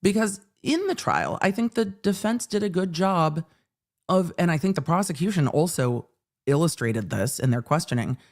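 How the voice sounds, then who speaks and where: A woman with a lowish voice speaks at a normal speed while hosting a live legal commentary stream. She gets animated and profane in her rants, acting out courtroom exchanges along the way.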